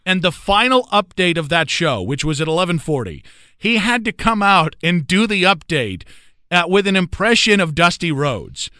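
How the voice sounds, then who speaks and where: A male sports radio host as an interview guest, telling quick, animated stories in casual chat. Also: high-pitched, no echo, studio quality.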